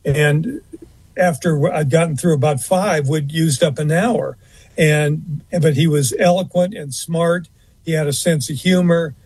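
As an interview guest, a man tells a long anecdotal story in conversation, rambling a little, restarting and filling pauses with uh and um. His voice is on the high side, steady, slightly mellow with a breathy edge, and the recording is dry.

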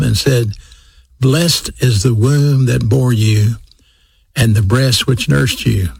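Gravelly, husky male preacher. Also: medium pitch, darkish tone, no room sound. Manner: emphatic, repeats key phrases slowly. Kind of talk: sermon.

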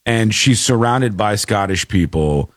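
A man hosting a show, giving jokey, animated commentary on a news clip. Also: on the low side, a little slow, no echo, studio quality. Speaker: show host.

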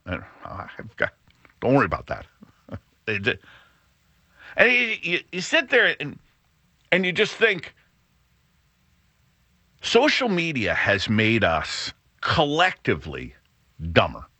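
A man's voice: medium pitch, wildly swooping pitch, slow pace, pauses often, bright, forceful tone, no room sound. A middle-aged man hosting a podcast, telling a rambling, self-deprecating story with many restarts. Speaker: podcast host. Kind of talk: casual monologue.

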